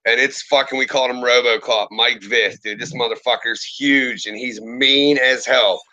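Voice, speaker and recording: Casting note: man in his thirties, bright edge, loose and profane storyteller. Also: medium pitch, normal speed, dull audio. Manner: profane, animated storyteller with lively quoted voices. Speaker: streamer telling stories. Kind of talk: casual storytelling chat.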